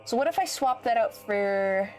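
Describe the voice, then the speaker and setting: A woman's voice: medium pitch, expressive, normal speed, a little mellow, faint music behind. A woman streaming a game, chatting casually with her viewers, teasing them and swearing freely. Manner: teasing, swears a lot, talks back to chat.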